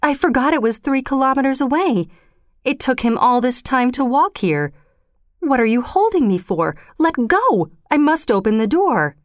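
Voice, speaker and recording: A woman voicing a frantic, grieving old mother who cries out in shrill, desperate tones. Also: very animated, moderate pace, dry recording, clean studio sound.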